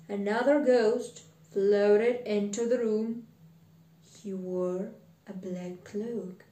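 A woman's voice: mid-range voice, fairly even intonation, drawn-out words, dark tone, a little hiss or hum. A woman reading a storybook aloud expressively, stopping for chatty asides to listeners. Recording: roomy echo.

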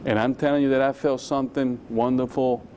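A man recounts his past with raw emotion, his medium-pitched voice climbing sharply whenever he acts out what was said. A faint hiss of noise sits behind him in the recording. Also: little pitch movement, brisk, a little mellow. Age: 20s. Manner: emotional storytelling, acts out dialogue with sudden rises. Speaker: guest. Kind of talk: testimony in a religious interview.

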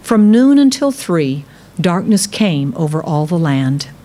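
A woman pastor preaching a sermon, reading scripture aloud and speaking straight to her congregation, slowing and dropping low on key words and rising for emphasis. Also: very animated, mellow. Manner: dramatic pauses, slows and drops low on key words, rises for emphasis; reads scripture aloud, addresses congregation directly.

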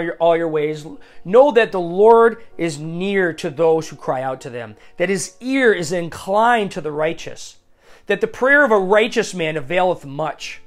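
A man giving an earnest devotional sermon, reading scripture and speaking openly about his own struggles. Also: high voice. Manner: earnest and confessional, quotes verses at length. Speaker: Christian speaker.

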